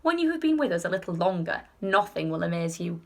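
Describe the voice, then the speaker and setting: A woman's voice: on the low side, very animated, quick pace, gravelly, heavily acted. A woman voicing an eccentric, theatrical male chocolate maker in a children's storybook reading. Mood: grand. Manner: theatrical and exclaiming.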